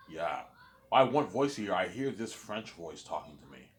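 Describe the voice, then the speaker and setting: A man talking in a casual, rambling monologue, halting and repeating himself often. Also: deep voice, very animated. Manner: repetitive, halting, many restarts. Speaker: vlogger.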